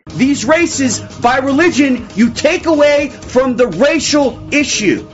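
A man speaking slowly and emphatically, swearing for force. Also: very high voice, expressive, muffled recording, soft background music.

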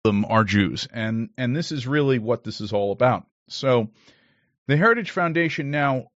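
A man's voice: medium pitch, dry recording. A man giving conversational commentary and introducing a clip. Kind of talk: spoken commentary. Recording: dull lo-fi sound.

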